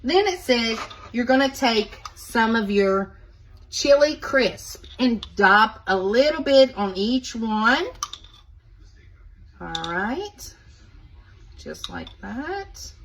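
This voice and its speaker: A woman's voice: fairly high pitch, lively intonation, slow pace, noisy background. A woman hosting a casual home cooking video, chatting to viewers as she walks them through each step.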